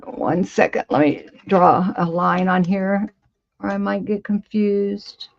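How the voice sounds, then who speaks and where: A gravelly, medium-pitched voice with a level tone belongs to a woman past fifty who takes her time. She rambles happily to viewers on a relaxed livestream from her home studio, easily amused, and the lo-fi audio is slightly dull.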